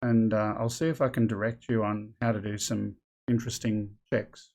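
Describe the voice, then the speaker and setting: A man's voice: on the low side, little pitch movement, normal speed, a little mellow. A man hosting a casual live stream, thinking aloud and rambling as he chats with viewers. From Australia.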